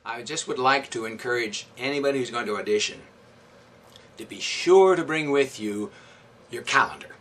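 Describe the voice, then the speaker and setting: Bright-voiced man, a little off-mic. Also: mid-range voice, moderate pace, distant mic, slight background noise. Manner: thoughtful, with frequent fillers and restarts. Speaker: community theatre director. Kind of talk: interview answers.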